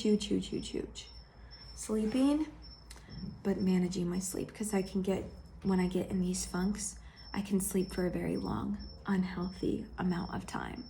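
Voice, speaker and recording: Softly whispering woman with a gravelly edge. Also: mid-range voice, measured pace, slight background noise. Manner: gentle, intimate, often dropping into a soft whisper; affectionate, speaks straight to the viewer. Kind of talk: heartfelt personal vlog share.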